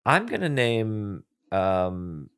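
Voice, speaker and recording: A man co-hosting a podcast in casual chat, often pausing and restarting his sentences. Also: lowish voice, big pitch swings, fairly bright tone, smooth. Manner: halting, lots of ums and restarts. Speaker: podcast co-host.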